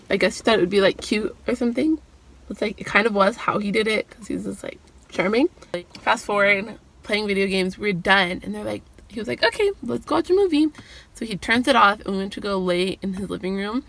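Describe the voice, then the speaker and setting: A woman's voice: creaky, a bit bright. A young woman telling a storytime vlog, chatty and full of "like", acting out the quotes with a lifted voice. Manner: chatty, fillers like "like", acts out quotes in a higher voice. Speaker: vlogger.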